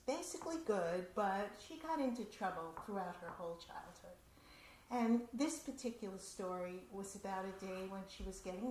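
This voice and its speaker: A woman performing a personal story at a community event, with a chatty, animated telling and asides. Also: mid-range voice. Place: community center hall. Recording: roomy hall with faint noise.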